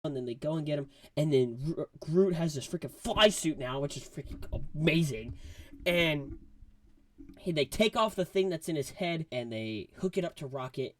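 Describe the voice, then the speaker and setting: A young man giving a casual movie review, talking in slang and acting out quotes from scenes with excitement. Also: on the high side, no echo.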